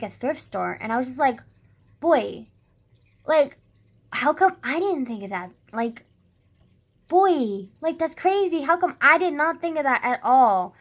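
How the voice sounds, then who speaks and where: A young woman telling a rambling story in a casual vlog, full of "like" and swearing, acting out what people said. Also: on the high side. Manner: rambling, heavy use of "like", swearing; animated retelling with quoted dialogue.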